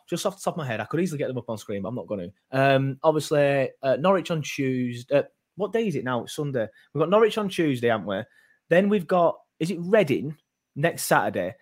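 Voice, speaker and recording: A man hosting a casual football fan chat, rambling and hesitant, full of fillers and restarts. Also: a little high. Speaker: fan podcast host.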